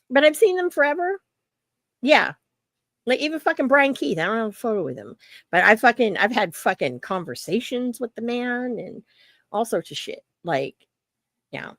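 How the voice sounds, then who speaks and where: A woman co-hosting a podcast chats casually and tells stories as an animated storyteller, swearing freely and using many fillers. Her voice is medium pitch, and there's no echo.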